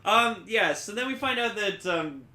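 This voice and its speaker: A man's voice: high voice, expressive, pushed and bright. A man co-hosting a podcast in casual chat, rambling, swearing freely and laughing as he talks. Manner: rambling, swearing, laughing, doing quick impressions. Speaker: podcast co-host. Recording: echoey room.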